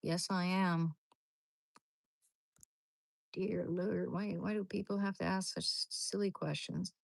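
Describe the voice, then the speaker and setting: Chatty, low-voiced woman streaming. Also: steady tone, slow, creaky, dry recording. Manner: chatty and rambling, with many restarts. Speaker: live streamer. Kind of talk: casual livestream chat.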